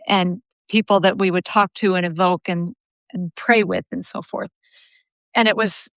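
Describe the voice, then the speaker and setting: A woman telling a personal story with animated energy, laughing easily, on a live video call. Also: mid-range voice, dry recording. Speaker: guest yoga teacher.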